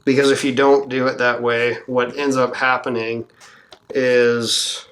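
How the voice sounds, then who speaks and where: Male luthier, mid-pitched, relaxed demo voice, thinks aloud as he works, slight background hiss. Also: unhurried. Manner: relaxed, thinking aloud while working, with fillers. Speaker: guitar builder demonstrating a setup. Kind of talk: hands-on instructional walkthrough.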